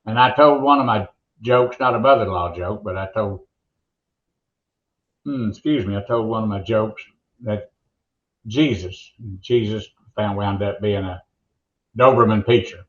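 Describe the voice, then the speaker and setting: A man's voice: fairly low pitch, measured pace, pauses often. Folksy older Oklahoma man, muffled line. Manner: folksy, rambling joke-teller. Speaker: guest, former monster truck announcer. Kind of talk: casual interview storytelling.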